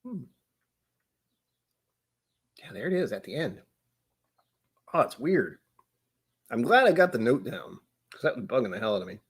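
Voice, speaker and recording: A man's voice: mid-range voice, very animated, normal speed, long pauses, slightly rough. A man vlogging a casual whiskey tasting, rambling and self-deprecating with chatty asides.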